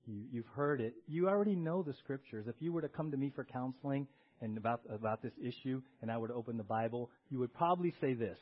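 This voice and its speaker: Husky-voiced man preaching with dramatic swings. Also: mid-range voice, brisk. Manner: animated, swinging from loud emphasis to hushed asides. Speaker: pastor. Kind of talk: sermon. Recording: dull lo-fi church audio recording.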